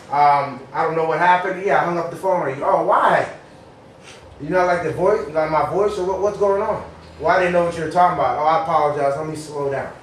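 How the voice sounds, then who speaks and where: Energetic male trainer in an echoey room. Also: fairly high pitch. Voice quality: energetic, repeats words when starting sentences. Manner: acts out phone calls in a raised voice. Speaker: sales workshop trainer. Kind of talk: live training talk to a group. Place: workshop room. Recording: echoey room from far off, faint noise.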